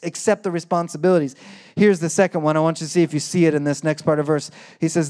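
Man, young adult, pastor, sermon, animated, chatty, highish voice, smooth. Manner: animated, acts out quoted voices with sudden high bursts; conversational with frequent "like" fillers.

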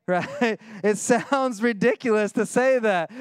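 A man preaching a conversational sermon to his church, dropping soft and intense when he reads scripture. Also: high voice, takes it slowly, clear, resonant tone, dry recording, clean studio sound. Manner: playful mock voices in asides. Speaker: pastor.

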